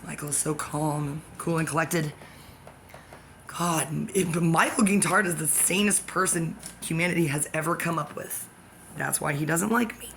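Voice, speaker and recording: A woman's voice: sits low, normal speed, a bit bright, slight background noise. A woman ranting in a rambling personal vlog, agitated and swearing, jumping from one topic to the next. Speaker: vlogger. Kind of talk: rambling personal rant to the camera.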